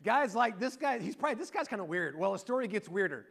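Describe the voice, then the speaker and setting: A middle-aged man preaching a sermon and telling an animated, excited story to his congregation. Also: sits high, fast talker, gravelly. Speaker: pastor.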